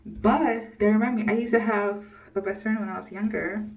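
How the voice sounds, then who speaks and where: Vlogging her personal stories to camera, an early-twenties woman rambles bluntly, swears freely, and laughs often. Her mid-range voice is steady at a moderate pace with the highs cut off, and she's a bit far from the mic, so she sounds slightly distant.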